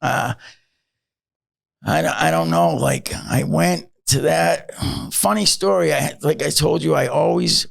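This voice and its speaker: A man's voice: on the high side, takes it slowly, gravelly, dry recording. A man in his fifties, a podcast guest, telling his story in a rambling, casual way with many fillers and blunt swearing.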